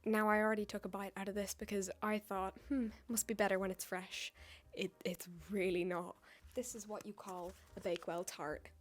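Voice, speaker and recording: A woman with an English accent, chatting in a casual vlog as a baker, joking and poking fun at herself. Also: mid-range voice. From United Kingdom. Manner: jokey, self-mocking, chatty asides. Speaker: baker and video creator. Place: home, tripod camera.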